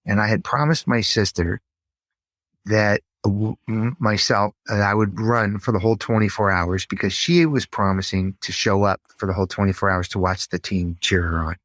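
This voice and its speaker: A middle-aged man, a podcast guest, telling a personal story in an earnest, halting way with frequent restarts. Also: lowish voice, a bit bright, dry recording.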